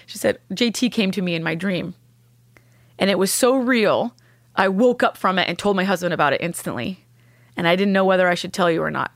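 A woman's voice: medium pitch, moderate pace, long pauses, no echo, clean studio sound. A young adult woman telling an emotional personal story in earnest, heartfelt talk, acting out the voices of the people she quotes. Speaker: guest sharing a personal story.

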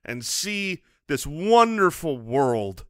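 A man co-hosting a comedy podcast, telling stories in an animated, exaggerated way. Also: fairly high pitch, slow pace, clear, resonant tone, dry recording, clean studio sound. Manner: animated, exaggerated storytelling with laughs. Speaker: podcast co-host. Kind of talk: casual comedic chat.

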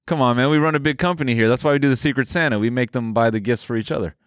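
A man's voice: medium pitch, very fast, no echo, clean studio sound. A man co-hosting a podcast, joking playfully and mocking himself in casual chat. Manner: playful, self-mocking deadpan jokes. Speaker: podcast co-host.

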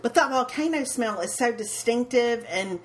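A woman's voice: on the high side, expressive, normal speed. A woman, co-hosting a casual podcast chat, talking freely and often restarting and repeating her words. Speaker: podcast co-host.

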